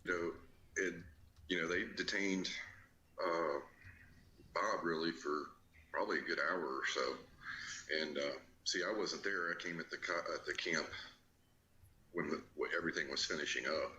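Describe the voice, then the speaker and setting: A man being interviewed, recounting an expedition in a slow, halting way with many fillers. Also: low voice, steady tone, dull audio. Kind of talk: storytelling in an interview. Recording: bright, echoey room with faint background noise.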